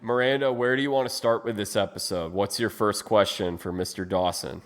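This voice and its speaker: A man's voice: fairly low pitch, steady tone, brisk. A man hosting a casual video chat, playful and joking with his guests. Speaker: host.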